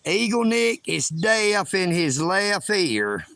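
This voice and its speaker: A high, gravelly male voice with a drawl talks slowly and loudly from his bedroom on a livestream. His tone is bright and sharp, and his talk is emphatic and self-promoting. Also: very animated.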